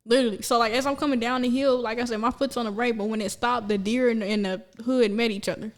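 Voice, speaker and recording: A young woman, a podcast guest, telling a story casually with lots of fillers and acting out quotes in a high voice. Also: fast. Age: young adult. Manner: animated, many fillers, acts out quotes in high voice.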